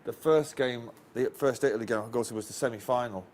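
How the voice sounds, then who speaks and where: A man's voice: medium pitch, fast talker, a little mellow, a little hiss or hum. Rambling Northern English male storyteller. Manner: rambling storyteller, chuckles often, restarts lines. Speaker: interview guest. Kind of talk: casual anecdote telling.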